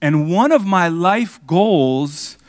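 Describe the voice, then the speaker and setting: A man's voice: takes it slowly, no echo, clean studio sound. Storytelling man preaching a sermon. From Miami. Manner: storytelling, conversational with the crowd, rising to excited highs. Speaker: pastor.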